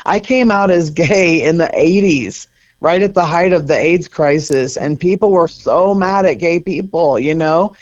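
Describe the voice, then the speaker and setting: A man's voice: a little high, measured pace. A middle-aged man speaking as an interview guest, earnest and reflective, laughing now and then. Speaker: guest, center co-founder. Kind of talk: conversational interview. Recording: slightly dull lo-fi audio.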